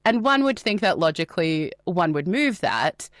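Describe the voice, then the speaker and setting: A woman co-hosting a podcast in casual chat, teasing with dry humor and quick quips. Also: fairly low pitch, sing-song, dry recording. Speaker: podcast co-host.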